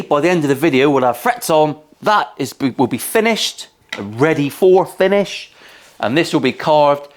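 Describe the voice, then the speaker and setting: A man with a West Country English accent, hosting a guitar-building vlog from his workshop in a cheeky, jokey way and swearing freely. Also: mid-range voice. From England. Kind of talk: casual, sweary workshop banter. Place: home workshop.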